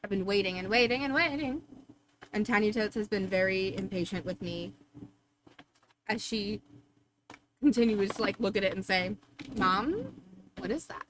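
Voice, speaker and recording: A woman's voice: mid-range voice, moderate pace, long pauses, noisy background. A woman hosting a casual livestream, chatting in a bubbly, affectionate way with her viewers from her home streaming room. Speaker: livestream host.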